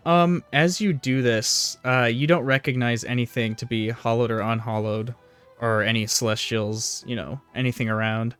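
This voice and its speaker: A man's voice: mid-range voice, fairly even intonation, normal speed, fairly bright tone, clean tone, soft background music. A man narrating as dungeon master in an easygoing, somewhat hesitant way. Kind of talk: narrating a tabletop game.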